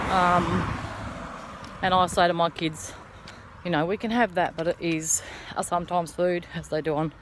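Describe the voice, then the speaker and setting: A woman in her thirties talks to the camera while walking outside early in the morning, keeping things chatty and encouraging in a casual vlog. She speaks at a fairly low pitch, and faint hiss or hum can be heard.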